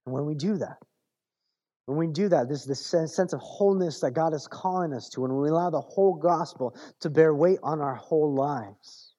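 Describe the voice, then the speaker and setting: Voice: medium pitch, normal speed, mellow. A pastor preaching a sermon, building long rhythmic lists, asking rhetorical questions and reading scripture aloud.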